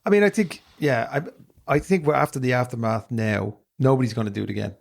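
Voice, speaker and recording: A man co-hosting a casual podcast, talking quickly with a gravelly, creaky texture. He rambles and tells stories with animated energy, jumping between thoughts. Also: mid-range voice. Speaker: podcast co-host.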